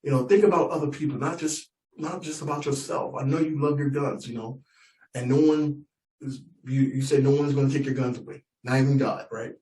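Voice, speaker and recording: A man's voice: mid-range voice, steady tone, brisk, mellow. A male stand-up comedian telling a story in a conversational way, often repeating "right?" and "I'm just saying". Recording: echoey room, distant mic, faint noise.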